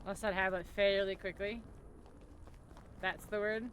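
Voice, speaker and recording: A woman's voice: mid-range voice, fairly even intonation, measured pace. A woman streaming a survival game, chatting casually and jokingly with a friend. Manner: joking, giggly and blunt. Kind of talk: casual gaming chat. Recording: loud game noise behind.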